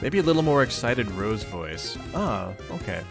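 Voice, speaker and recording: A man's voice: mid-range voice, sing-song, moderate pace, creaky, music in the background. Chatty man reacting while reading. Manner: chatty, reacting aloud, laughs often. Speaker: webcomic reader. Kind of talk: casual read-along commentary.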